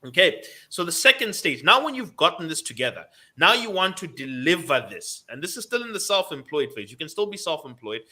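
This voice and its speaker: A man's voice: on the high side, very animated, brisk, few pauses, bright, forceful tone. A man hosting a radio business show, giving emphatic advice and repeating his key points. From Zambia.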